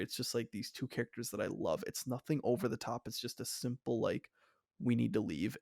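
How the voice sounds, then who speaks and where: A man's voice: medium pitch, vocal fry, no echo, clean studio sound. A young man co-hosting a podcast in casual fan discussion, talking enthusiastically and rambling with lots of "like" fillers. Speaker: podcast co-host.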